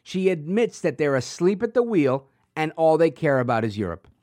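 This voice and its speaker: Sarcastic, high-voiced male commentator. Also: very animated, moderate pace, darkish tone, dry recording, studio quality. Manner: sarcastic, punchy, rhetorical questions. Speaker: political commentary host. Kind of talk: opinionated monologue.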